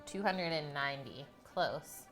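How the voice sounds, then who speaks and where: A woman's voice: low voice, expressive, unhurried, fairly bright tone, soft background music. A woman hosting a live cooking stream, chatting and giggling with her viewers from her home kitchen. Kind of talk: casual live-stream chat while cooking.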